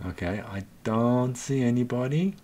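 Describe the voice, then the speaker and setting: A man's voice: mid-range voice, lively intonation, a little slow, dark tone. Man swearing through gameplay commentary. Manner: swears often, talks to himself and viewers; exasperated running commentary. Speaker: gaming channel host.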